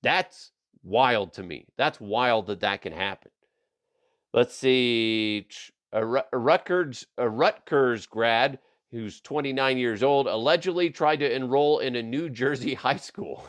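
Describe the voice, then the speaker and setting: A man's voice: medium pitch, measured pace, a bit bright. Profane laughing podcast host, man. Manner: profane, laughing, riffs into silly voices. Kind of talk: casual comedic news chat.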